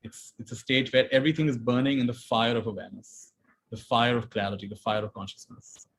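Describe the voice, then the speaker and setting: A man giving a calm spiritual talk, repeating phrases gently and sometimes laughing softly. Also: mid-range voice, brisk, slight background noise, rough recording. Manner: calm, repetitive, gently emphatic, soft laughs. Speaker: spiritual teacher. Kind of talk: talk to an online audience.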